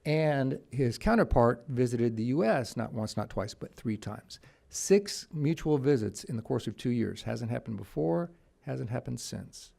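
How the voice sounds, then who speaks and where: A man presenting at a policy conference, telling anecdotes in a halting way with many restarts. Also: mid-range voice, expressive, gravelly, mellow. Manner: storytelling with quoted voices. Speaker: conference panelist. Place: conference room.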